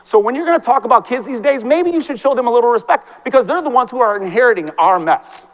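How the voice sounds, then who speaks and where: A man in his forties, a teacher giving an animated, fast, impassioned talk on stage in a large hall. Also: extremely high pitch. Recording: long reverb from a large hall.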